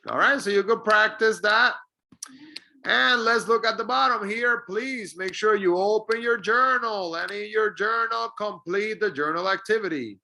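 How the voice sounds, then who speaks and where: A man's voice: sits high, measured pace, gravelly, pushed and bright. A man whose first language is Spanish, teaching an English lesson and patiently drilling example sentences. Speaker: ESL teacher.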